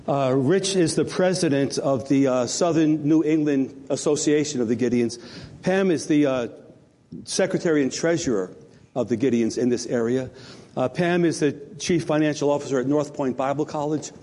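A man's voice: on the high side, moderate pace, warm tone. A man leading church announcements as pastor, chatty and joking with the congregation. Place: church sanctuary. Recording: long hall reverb.

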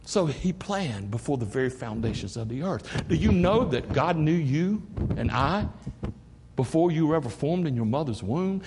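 A man's voice: high voice, a little mellow, slightly rough. A middle-aged man with a Southern American accent preaching a sermon as pastor, in a folksy, preacherly way, calling out "Amen?" to the congregation. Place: church sanctuary. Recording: church hall with long reverb.

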